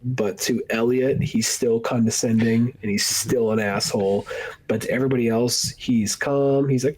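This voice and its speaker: A man with a slightly husky, breathy voice talks through a film in loose, rambling podcast chat. He keeps stopping to act out lines from it, jumping up in pitch when he does. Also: steady tone, normal speed, darkish tone, rough recording. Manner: rambling, acts out movie lines in raised voices. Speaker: podcast co-host. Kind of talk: casual film review chat.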